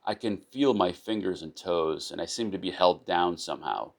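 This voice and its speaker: Deep-voiced man reading a first-person story. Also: moderate pace, vocal fry. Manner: unpolished reading with small restarts and repeated words. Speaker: narrator of his own short story.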